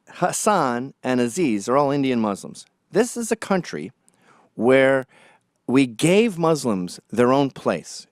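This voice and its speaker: A man's voice: medium pitch, no room sound, clean studio sound. A man delivering a sarcastic, combative opinion monologue as a political commentator.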